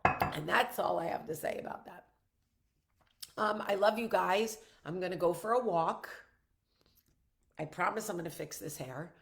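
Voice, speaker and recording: A woman's voice: on the low side, measured pace, creaky, pauses often. Blunt, profane woman vlogger. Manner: earnest, reassuring. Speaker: vlog host. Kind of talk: candid monologue to viewers.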